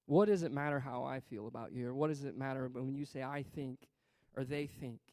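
A man preaching a sermon, reading scripture aloud and stopping to comment, swinging between loud emphatic bursts and quiet asides. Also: medium pitch, no room sound, clean studio sound.

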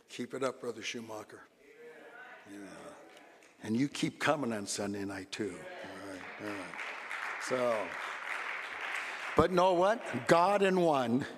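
A man preaching a sermon as a pastor, swinging from low asides to loud, animated exclamations. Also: in a large hall.

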